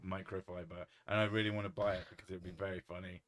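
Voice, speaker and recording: A man's voice: sits low, level tone, racing, a crowd in the background. A man reading chat aloud on a casual livestream, laughing often and swearing freely. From United Kingdom.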